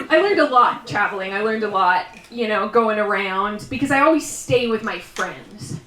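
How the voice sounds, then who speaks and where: A woman from Canada performing a live stand-up comedy set, chatty and rambling, with quick asides and mock complaints. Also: medium pitch, animated, pushed and bright. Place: live show at a small guesthouse venue. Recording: roomy distant live room sound.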